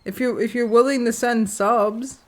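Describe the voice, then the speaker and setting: A woman's voice: fairly high pitch, fairly even intonation, moderate pace. A young British woman streaming a farming game, swearing freely and laughing through casual banter. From Britain. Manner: swears often, laughs between lines.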